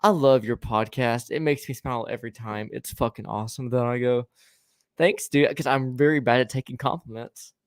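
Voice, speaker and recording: A young man hosts a casual livestream podcast, joking with his audience and stumbling over names. His voice sits at a middle pitch and sounds dry and close to the mic. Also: moderate pace, dry recording. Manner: playful, laughs often, stumbles over words. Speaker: podcast host.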